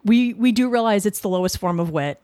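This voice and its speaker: A woman's voice: mid-range voice, lively intonation, a little fast, warm tone, no room sound. A woman in her forties from the Boston suburbs, co-hosting a podcast in casual, sarcastic banter that rambles through self-corrections. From Boston suburbs, USA. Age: 40s. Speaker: podcast co-host.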